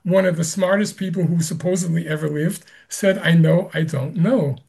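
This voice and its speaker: A man, a Zen master, answering an interview question with slow, gentle storytelling and soft laughs. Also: fairly high pitch, steady tone, gravelly, slightly rough.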